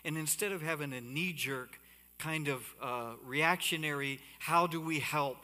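Man, pastor, sermon, bright voice, reverberant church hall. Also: fairly high pitch, unhurried. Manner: animated, laughs and asides to the congregation. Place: church sanctuary. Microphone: body-worn mic.

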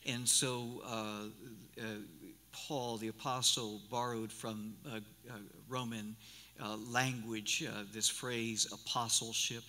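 A sixty-something pastor delivers a rambling, folksy sermon in a church sanctuary, often starting his sentences over. He speaks slowly in a mid-range voice with a level tone, pushed and bright. The live recording carries long hall reverb and a little hiss or hum.

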